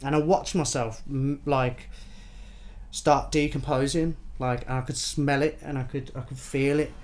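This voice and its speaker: A man's voice: medium pitch, unhurried. A young man telling a story. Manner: animated, swears freely, lots of fillers. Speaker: podcast guest. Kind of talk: casual storytelling chat.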